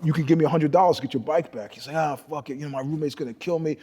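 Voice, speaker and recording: A New York guest storyteller, an older man with a husky, slightly breathy voice, tells profane stories at a very fast clip during a casual interview. He lurches from loud, animated bursts to low, hushed asides, with a long reverb trailing through the room.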